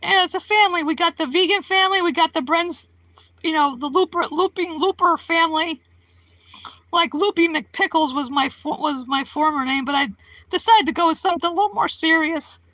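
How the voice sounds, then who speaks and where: A woman's voice: extremely high pitch, brisk, sharp tone, no room sound. A woman live streaming, chatting casually with her viewers in a rambling, giggly way and laughing often.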